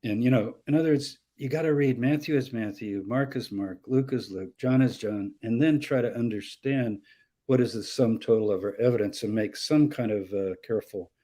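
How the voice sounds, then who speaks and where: Animated older male storyteller. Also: mid-range voice, moderate pace. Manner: animated storyteller who acts out quoted voices and laughs often. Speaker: guest scholar answering audience questions. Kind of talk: live conversational Q&A.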